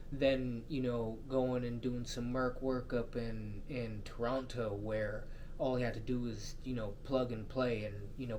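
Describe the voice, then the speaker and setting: A man's voice: mid-range voice, darkish tone, a little hiss or hum. Profane joking man on a podcast. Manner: profane, joking, slangy banter. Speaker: podcast co-host. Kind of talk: casual sports chat.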